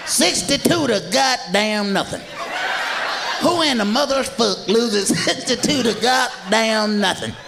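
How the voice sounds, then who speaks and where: Brief: stand-up man putting on a gravelly, swearing coach, lively high voice, ranting at his team. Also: slow, long pauses, background noise, exaggerated voice. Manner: cursing, ranting. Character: furious bitter male football coach.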